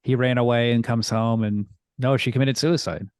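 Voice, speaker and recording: A man's voice: mid-range voice, steady tone, normal speed, a little mellow, clean tone, no room sound, studio quality. A man co-hosting a film podcast, recapping the plot in a rambling way, full of fillers. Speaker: podcast co-host. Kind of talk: casual chat.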